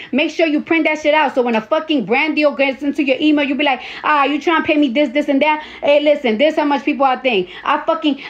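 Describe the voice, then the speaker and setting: A woman in her early thirties on a phone livestream, ranting bluntly and profanely and repeating lines for emphasis. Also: high-pitched. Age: 30s. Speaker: social media personality. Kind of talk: casual livestream rant. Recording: slightly dull lo-fi phone audio.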